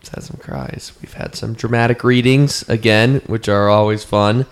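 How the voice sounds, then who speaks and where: A man's voice: on the low side, steady tone, moderate pace, smooth. Easygoing male podcast co-host. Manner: easygoing, laughs often, presents segments. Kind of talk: casual podcast chat, introducing segments.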